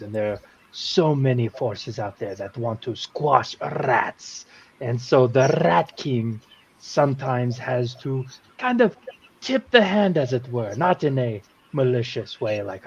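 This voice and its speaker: Man doing a flowery, ingratiating Rat King, mid-pitched, muffled lo-fi audio. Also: a little hiss or hum. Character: scheming, courtly male Rat King.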